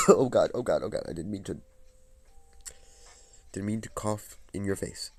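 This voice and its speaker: Male streamer, very low, gravelly voice, mumbling asides into a phone mic. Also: animated, measured pace, long pauses. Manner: muttering to himself while fiddling with settings. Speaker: live streamer. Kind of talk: rambling live-stream chat.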